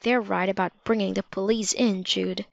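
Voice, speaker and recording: A woman's voice: mid-range voice, steady tone, normal speed, creaky, no room sound, lightly acted. A woman reading the lines of an earnest grown man in a storybook. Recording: slightly dull lo-fi recording.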